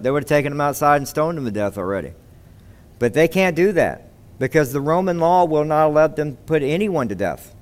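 Pastor, sermon delivery, slightly high, smooth clear tone. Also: male voice. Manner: expository preaching with rhetorical questions.

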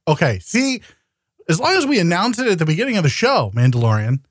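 A man's voice: sits high, big pitch swings, fast talker, dry recording, clean studio sound. A man co-hosting a podcast, stammering and restarting often in a mock self-pitying way. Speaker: podcast co-host. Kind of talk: casual podcast chat.

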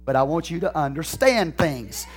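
A male pastor preaching a sermon, dropping to hushed asides and rising to shouted, repetitive call-and-response lines. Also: on the high side, lively intonation, moderate pace, husky. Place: church sanctuary.

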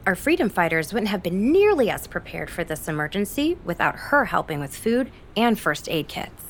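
A woman's voice: mid-range voice, big pitch swings, normal speed, slight background noise. A woman voicing Marion, a practical, matter-of-fact female freedom fighter officer. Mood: brisk.

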